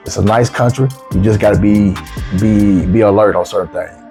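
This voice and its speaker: A man with features, casually telling a travel story as a vlogger, swearing freely and jumping up in pitch when he quotes himself. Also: moderate pace, soft background music. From United States. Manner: animated, profane, rises sharply when quoting himself.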